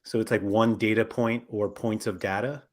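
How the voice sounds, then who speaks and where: A man's voice: lowish voice, level tone, moderate pace. Rambling man hosting a casual podcast. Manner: rambling, self-correcting, frequent fillers. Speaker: podcast host.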